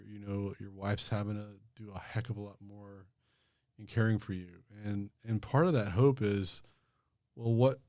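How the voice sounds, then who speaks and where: A man in a podcast interview, a medical officer explaining thoughtfully, his phrases often trailing off softly. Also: fairly low pitch, no room sound, studio quality.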